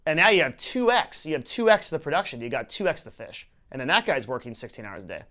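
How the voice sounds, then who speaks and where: A man voicing a wealthy businessman who pitches his plans in an eager, salesy, persuasive way. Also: sing-song, fast, pushed and bright.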